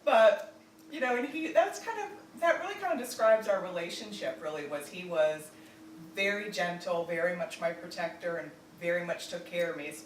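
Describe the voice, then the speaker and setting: A woman from Virginia telling a personal family story, halting with many fillers and restarts. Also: fairly low pitch, expressive. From Virginia, United States. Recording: roomy echo, distant mic, faint noise.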